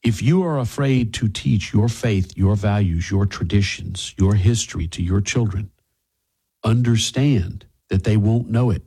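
A man runs his talk radio segment with a husky, slightly rough voice. He is blunt and opinionated, and he drops sarcastic asides between points. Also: lowish voice, unhurried, warm tone.

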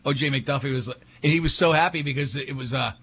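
A man's voice: medium pitch, a little fast, fairly bright tone, breathy edge. A man hosting a radio show, telling stories in casual banter with many restarts. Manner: rambling storyteller, many restarts.

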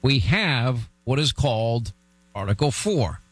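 A man's voice: mid-range voice, slow, no echo, rough recording. A man hosting a political talk show, telling stories bluntly with lots of restarts. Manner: blunt, animated storytelling with restarts.

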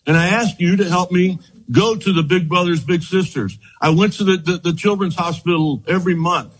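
Middle-aged guy in an interview, raspy-ish voice, rambles through old stories and quotes people, lots of restarts. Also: high-pitched, normal speed, poor audio. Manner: rambling anecdotes, quoting others, frequent restarts. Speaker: former baseball pitcher. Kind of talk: storytelling interview.

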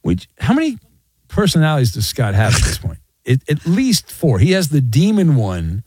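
A man's voice: a little high, huge pitch swings, normal speed, a little mellow, breathy edge, no echo. A man hosting a late-night sports talk radio show, sarcastic and bantering with callers, on a studio mic. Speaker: radio host.

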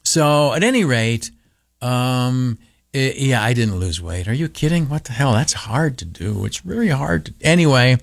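Older male radio humorist, animated, lively pitch. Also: normal speed, vocal fry, no echo, clean studio sound. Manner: animated, acts out dialogue in raised voices. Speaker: radio commentator. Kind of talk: humorous storytelling monologue.

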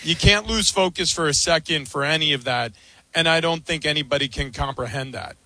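A man's voice: on the high side, brisk, pushed and bright, no room sound, rough recording. A man on a sports talk panel speaking in an earnest, emphatic way.

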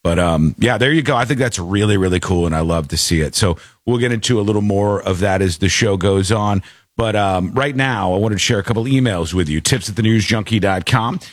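A man's voice: fairly low pitch, fairly quick, no echo. A man hosting a talk show, chatting casually and reading listener comments aloud from his home studio. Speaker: show host.

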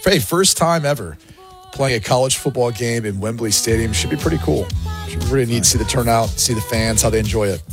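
A man's voice: medium pitch, a little fast, over music. A man co-hosting a sports radio show, needling his partner and previewing a game. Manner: exasperated, needling his co-host. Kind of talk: casual sports radio banter. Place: radio studio.

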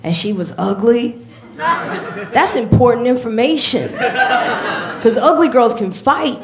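A woman's voice: fairly high pitch, lively intonation, measured pace, over a noisy crowd. Wry woman comic in an echoey club. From Chicago, USA. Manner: self-deprecating, wry storytelling. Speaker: stand-up comedian. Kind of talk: stand-up comedy. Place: live comedy club stage. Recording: echoey live room with loud audience.

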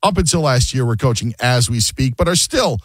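A man's voice: mid-range voice, expressive, brisk, breathy edge, dry recording. A man hosting a sports radio show, chatting casually and joking, often mimicking other people mid-story.

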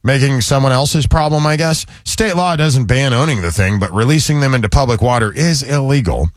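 A man's voice: mid-range voice, a little fast, dry recording, studio quality. A man co-hosting a casual talk show, telling a news story with wry, teasing asides. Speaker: co-host.

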